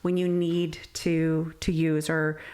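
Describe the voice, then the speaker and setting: A woman's voice: low-pitched, flat delivery, slow pace, mellow. A woman therapist speaking as a podcast guest, compassionate and reflective. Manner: compassionate, reflective, asks probing why questions.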